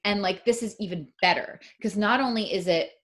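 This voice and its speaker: A woman's voice: mid-range voice, fairly quick. A woman author chatting as a podcast guest, rambling with many "like"s and restarting her sentences. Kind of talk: casual podcast chat.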